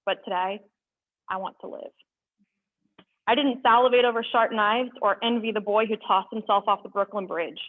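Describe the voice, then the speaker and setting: A young woman at an open mic, reading poems aloud with earnest, halting asides between them. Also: mid-range voice, steady tone. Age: young adult. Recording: tinny phone-like sound.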